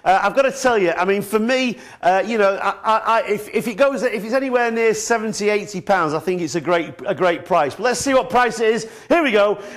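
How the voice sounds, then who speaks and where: A man's voice: sits high, lively intonation, fairly quick, few pauses, fairly bright tone. Chatty northern English TV salesman. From northern England. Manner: chatty, repeats words, addresses viewers as folks. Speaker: shopping channel presenter. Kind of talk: live TV sales pitch.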